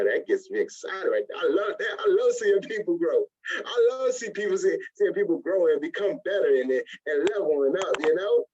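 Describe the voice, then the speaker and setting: Animated man giving a lively training talk. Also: a little high, slightly rough, lo-fi sound. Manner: animated, acts out little scenes in other voices. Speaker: network marketing trainer.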